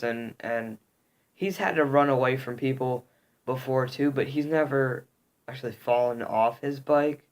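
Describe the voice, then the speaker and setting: A man vlogging to camera, telling a story in a rambling, halting way with lots of fillers, upset and indignant. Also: mid-range voice, clear, resonant tone. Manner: rambling, halting, heavy on "um" and "literally".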